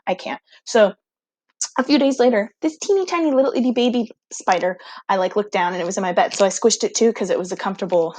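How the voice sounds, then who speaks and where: A young female teacher tells her students a casual, animated story, excitable and full of "like." Her voice is medium-pitched and quick, and the recording is dry.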